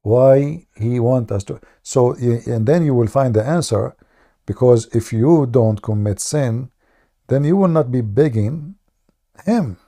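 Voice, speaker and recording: Man, english, halting then forceful, mellow dark tone, debate host. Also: medium pitch. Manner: halting, many restarts, then heated and forceful. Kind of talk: live online debate.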